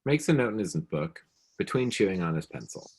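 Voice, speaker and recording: A man's voice: sits low, very animated, brisk, darkish tone, slightly rough. A man reading stage directions aloud in a plain, matter-of-fact way.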